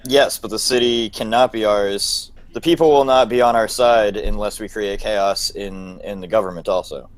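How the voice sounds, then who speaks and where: A man playing a cold, power-hungry schemer, answering in short, flat lines. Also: fairly low pitch, moderate pace, few pauses, dry recording, natural voice, rough recording. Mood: calculating. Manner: short, flat, deadpan replies.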